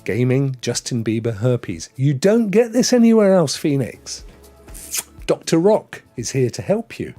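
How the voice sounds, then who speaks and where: Lively man hosting a stream. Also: medium pitch, unhurried, faint music behind. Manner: joking, rambling, chatty with viewers. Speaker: gaming show host. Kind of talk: live-stream chat.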